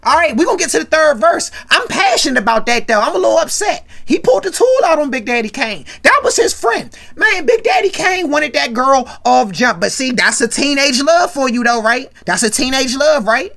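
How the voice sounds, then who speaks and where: A woman host breaking things down in a casual, animated commentary rant, often tagging her lines with "right?". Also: high voice, fairly quick, vocal fry, few pauses.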